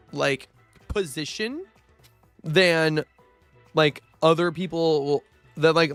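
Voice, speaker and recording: A young man with a high, light voice talks through a game stream in a loose, rambling way. He swears freely and trails off into fillers, and the sound is dry and close with soft music underneath. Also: no room sound. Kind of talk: casual gaming livestream chat.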